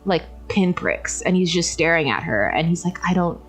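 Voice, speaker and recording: A woman's voice: fairly low pitch, sing-song, moderate pace, slightly rough, soft background music, low-quality recording. A woman playing a tabletop game, hesitantly describing her character's actions with many "like"s. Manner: hesitant, full of "like". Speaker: player.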